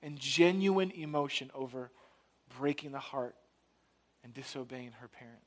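A man's voice: medium pitch, measured pace. A man in his thirties preaching a sermon, telling a family story and acting out the voices of his wife and little daughter. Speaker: pastor.

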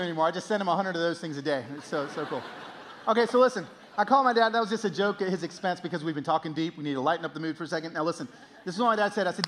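Young male pastor, high lively voice, animated storyteller on stage. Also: very fast. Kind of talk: sermon.

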